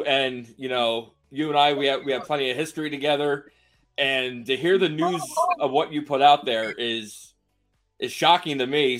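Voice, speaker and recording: A man co-hosting a show, chatting in a laid-back, halting way and often repeating himself. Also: medium pitch, fairly bright tone. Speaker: co-host. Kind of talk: casual chat on a stream.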